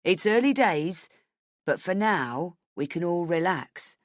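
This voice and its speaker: A woman's voice: fairly low pitch, animated, takes it slowly, dry recording, studio quality. A woman voicing a brash, cheerful male newspaper boss in an audiobook. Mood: proud. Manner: hearty, celebratory.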